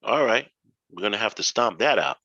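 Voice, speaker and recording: Blunt, lowish man lecturing on stream. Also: animated, fairly quick, gravelly, bright, forceful tone, dull audio. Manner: blunt, profane, rhetorical questions. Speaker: live stream host teaching. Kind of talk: casual lecture on a live stream.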